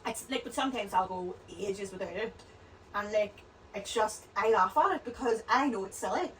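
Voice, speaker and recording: A woman's voice: mid-range voice, normal speed, far from the mic, a little hiss or hum, low-quality recording. A woman, chatting as a podcast guest, rambling through stories one after another. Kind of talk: casual chat.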